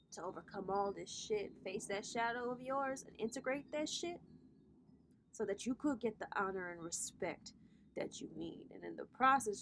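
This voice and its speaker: Woman with a high voice hyping up her viewers, swears a lot, calls everybody honey and baby, loose astrology pep talk. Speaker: spiritual reader and vlog host.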